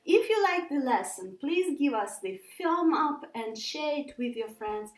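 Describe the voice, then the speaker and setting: A woman's voice: high-pitched, animated, unhurried, echoey room, distant mic, poor audio. A woman teaching English grammar, emphatic and stretching key words, often checking in with the listener. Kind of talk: grammar lesson.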